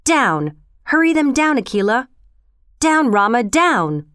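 A woman's voice: mid-range voice, normal speed, clean tone, no echo, clean studio sound, lightly acted. A woman voicing a bold jungle boy who commands wolves, calling out urgent orders in a raised voice. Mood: shouting.

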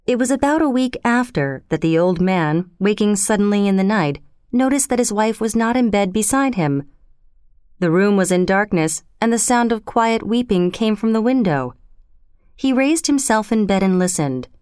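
A woman narrating a storybook chapter in a measured, expressive way. Her voice is smooth and clear, recorded close and dry, at a middle pitch. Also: dry recording. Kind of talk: audiobook narration.

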